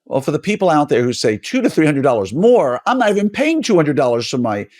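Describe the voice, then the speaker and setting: A man's voice: on the high side, big pitch swings, quick pace, darkish tone. A middle-aged man hosting a casual interview podcast as an orthodontist, talking emphatically with frequent fillers and restarts.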